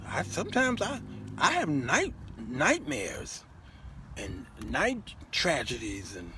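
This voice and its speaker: A middle-aged man hosts a talk show, spinning comic stories with lots of laughter and repetition. His voice sits a bit high and swings widely in pitch. A faint hiss sits under the recording. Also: takes it slowly. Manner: animated, laughing and repeating himself. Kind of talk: comedic storytelling monologue.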